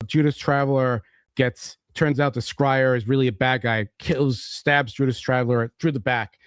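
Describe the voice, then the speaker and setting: A man's voice: dry recording, studio quality. A man hosting a casual podcast chat, retelling a comic story and acting out the characters' lines with a loose, rambling manner. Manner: animated, acts out characters' lines with shifting pitch; loose, full of "you know" and "like". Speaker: podcast host explaining comics.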